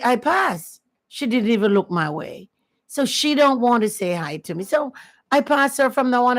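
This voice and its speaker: Gravelly-voiced woman rambling on a livestream. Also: fairly high pitch. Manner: rambling, emphatic, repeats herself. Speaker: host of a personal talk channel. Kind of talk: casual livestream monologue. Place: at home with her dog.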